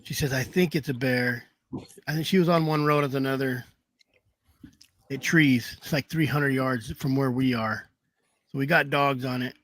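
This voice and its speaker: A man's voice: medium pitch, steady tone, moderate pace, pauses often, fairly bright tone, no room sound. A man telling rambling hunting stories in a casual chat, laughing through his anecdotes over a video call. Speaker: hound hunter telling stories.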